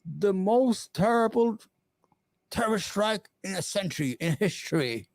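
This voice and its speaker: A man hosting an opinionated live commentary stream, impassioned and sarcastic, often halting on fillers and restarts. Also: sits high, lively intonation, gravelly, a little mellow, no room sound. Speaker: livestream host.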